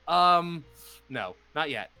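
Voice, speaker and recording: Halting male game master, fairly high voice. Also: expressive, vocal fry, crowd noise. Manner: halting, full of fillers and restarts. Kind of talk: narrating a tabletop game.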